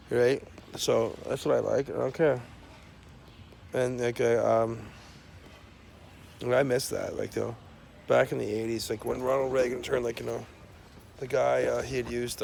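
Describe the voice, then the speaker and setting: Gravelly man in a rambling rant. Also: medium pitch, a little hiss or hum. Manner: profane, filler-heavy, rambling. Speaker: self-described scientist.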